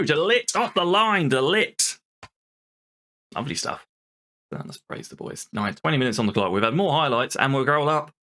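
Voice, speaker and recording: Animated man ranting over a game. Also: mid-range voice, slight background noise. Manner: exasperated, swearing, ranting; lively play-by-play over a football game. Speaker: gaming channel host. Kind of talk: let's-play commentary.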